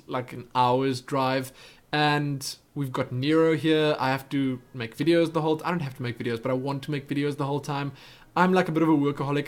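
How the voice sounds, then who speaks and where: A young man with a South African accent chatting through viewer questions on his webcam vlog, rambling with lots of asides and self-corrections. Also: on the high side. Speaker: YouTube host answering viewer questions. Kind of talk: casual Q&A vlog chat.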